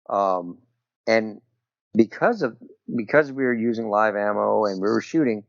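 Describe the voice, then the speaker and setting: A middle-aged military veteran telling a personal story as a podcast guest, talking loosely and peppering it with "you know" and "right?". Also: male voice, lowish voice, gravelly, no room sound. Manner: rambling, full of "you know" and "right?" tags. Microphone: remote call over Skype. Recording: dull, dry call audio.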